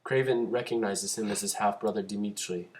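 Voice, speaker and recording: A young man co-hosting a casual podcast, reading his own fan script aloud and breaking into animated asides. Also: on the low side, fairly quick. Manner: animated, bursts into laughing shouts.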